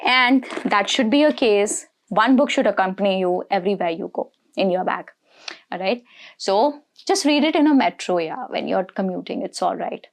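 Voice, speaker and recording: A woman's voice: medium pitch, animated, moderate pace, creaky. A woman with an Indian accent giving a direct-to-camera English lesson, emphatic and full of "all right?" check-ins. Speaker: English teacher.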